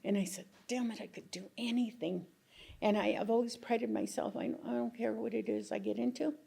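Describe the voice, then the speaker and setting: A woman's voice: on the high side, fairly even intonation, fairly quick, mellow. An older woman, a retired coal miner, telling earthy stories in an oral history interview, swearing freely and laughing often. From Colorado. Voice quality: gravelly, husky.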